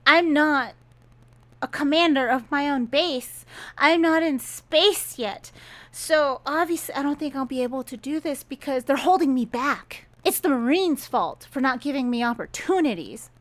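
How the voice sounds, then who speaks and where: A woman's voice: high voice, animated, normal speed. A woman voicing a frustrated, self-pitying young woman Marine in a whiny, plaintive tone. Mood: sulky.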